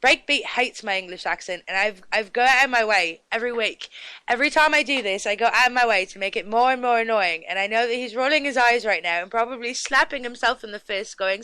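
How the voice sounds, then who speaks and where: A woman hosts her own radio show, chatting and rambling in a bubbly way. Her voice is bright and crisp. The close mic keeps it dry, with no room sound. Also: fairly high pitch, fast talker, no room sound. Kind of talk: casual radio chat.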